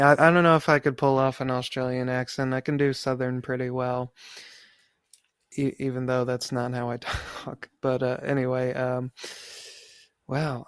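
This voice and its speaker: A man's voice: mid-range voice, clean tone, dry recording, studio quality. A man co-hosting a podcast, chatting casually and laughing at himself. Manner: laughing, self-deprecating. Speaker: podcast co-host. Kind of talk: casual chat.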